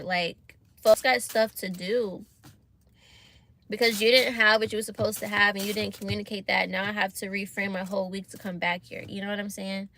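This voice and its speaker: A young woman telling a story to her viewers in a casual vlog, animated and exasperated, using slang and talking straight to camera. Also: medium pitch, normal speed, a little hiss or hum. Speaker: vlogger.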